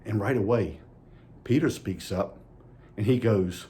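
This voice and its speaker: A man's voice: on the low side, measured pace, dark tone, a little hiss or hum. A man giving a children's message at church in a folksy way, asking the kids playful questions. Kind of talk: children's sermon.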